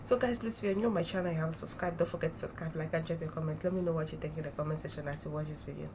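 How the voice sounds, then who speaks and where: A woman's voice: low-pitched, steady tone, very fast, darkish tone, a little hiss or hum, rough recording. A woman vlogger chatting casually to camera, pleading and chatty as a fan.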